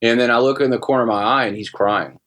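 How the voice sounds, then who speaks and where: A middle-aged man telling a personal story in casual podcast talk, halting with many restarts and fillers. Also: mid-range voice, a bit bright. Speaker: guest musician.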